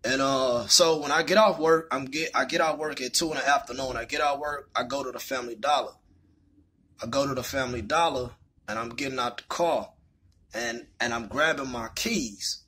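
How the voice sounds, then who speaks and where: A man's voice: medium pitch, moderate pace, sharp tone, slight background noise. A young man telling a personal story in a candid, rambling way, full of fillers. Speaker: vlogger.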